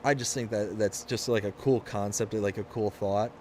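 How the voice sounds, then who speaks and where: A man's voice: on the low side, steady tone, moderate pace, darkish tone, a little hiss or hum. A man from Michigan hosting a live game stream, chatting casually and rambling through stories with frequent restarts. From Michigan, USA.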